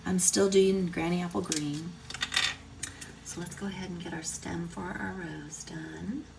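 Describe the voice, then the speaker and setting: A woman's voice: on the low side, steady tone, measured pace, vocal fry. Middle-aged woman, crafting instructor, chatty, thinks aloud, off-mic, noisy background. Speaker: card-making instructor. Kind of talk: casual crafting tutorial. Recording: distant mic, noisy room.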